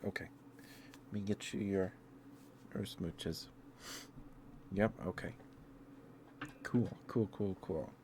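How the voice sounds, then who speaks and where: A man talks softly to his viewers during an ASMR stream, his voice low and his pace unhurried. He sounds gentle and affectionate, often trailing off or stumbling over his words. A faint hum of room ambience sits underneath. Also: fairly even intonation. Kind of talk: soft-spoken ASMR chat with viewers.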